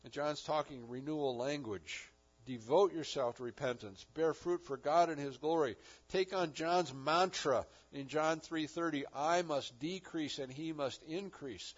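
A man's voice: fairly high pitch, a little slow. A man preaching a sermon as pastor, earnest, with rising and falling emphasis. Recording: dull lo-fi recording.

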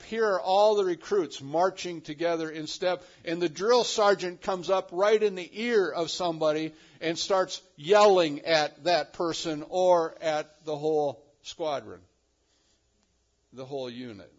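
Man preaching a verse-by-verse sermon. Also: a little high. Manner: preaching verse by verse, with emphatic rises on key words. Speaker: pastor. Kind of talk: expository sermon. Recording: dull lo-fi sermon recording.

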